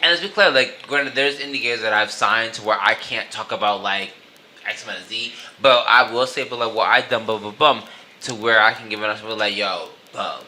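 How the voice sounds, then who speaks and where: A man guest on a casual podcast chat, talking animatedly and punctuating his stories with "boom" sound effects. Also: brisk, sharp tone, a little hiss or hum. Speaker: teacher.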